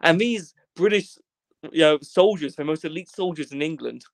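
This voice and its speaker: Joking young Welsh man, fairly high voice. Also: normal speed, creaky, no echo. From Wales. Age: young adult. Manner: rambling, jokey, swears freely, acts out voices in quotes. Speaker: podcast guest. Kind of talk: casual anecdotal storytelling.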